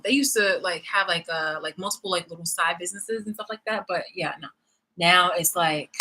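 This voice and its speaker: A woman's voice: lowish voice, sharp tone, low-quality recording. A woman vlogger ranting angrily and sarcastically, swearing hard and breaking into bursts of laughter. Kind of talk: heated vlog rant.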